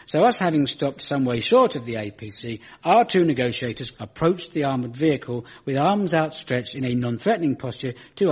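A young British man doing stand-up storytelling on stage, dry and ironic, rising into high exasperated rants. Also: husky. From Britain. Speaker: comedian. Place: stage before a live audience. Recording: muffled live stage recording with audience.

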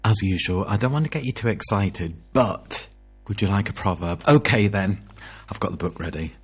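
A man's voice: lowish voice, moderate pace, slightly rough, faint music behind. A man presenting a local radio show in a jokey, rambling, self-mocking way. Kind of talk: casual radio chat.

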